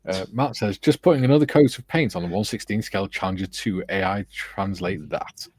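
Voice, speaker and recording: A man's voice: sits low, a little fast, darkish tone, husky, no echo. A man from the UK hosting a casual livestream, reading out chat comments and laughing often. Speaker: livestream host.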